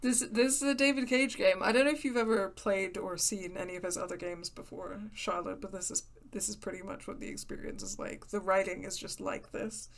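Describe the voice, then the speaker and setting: A woman's voice: medium pitch, steady tone, brisk, vocal fry, hardly any pauses. A woman streaming a game, talking in a rambling, filler-heavy way and laughing often. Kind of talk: casual gaming commentary.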